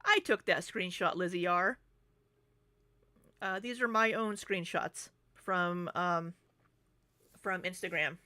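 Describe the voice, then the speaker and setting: A woman's voice: lowish voice, steady tone, takes it slowly, pauses often, bright, forceful tone, no echo. A young adult woman talking through drama in a casual, rambling vlog, full of ums and asides. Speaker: commentary YouTuber.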